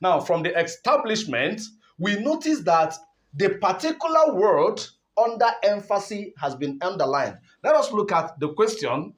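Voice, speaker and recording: A man teaching an online exam-prep lesson, explaining step by step, repeating points and checking in with "okay?". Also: fairly high pitch. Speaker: English teacher.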